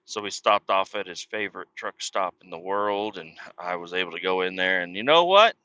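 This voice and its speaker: Bright-voiced swearing podcast man. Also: low voice, animated, moderate pace, clear, resonant tone, no room sound. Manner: profane, rambling, swears constantly. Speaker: podcast host. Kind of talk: casual storytelling monologue. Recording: dull lo-fi, dry.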